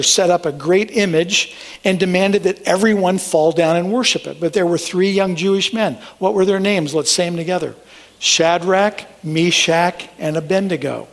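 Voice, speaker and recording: A man with a high, light voice delivers a sermon. He reads scripture aloud with earnest emphasis. He steers his listeners through their printed outline point by point. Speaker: pastor.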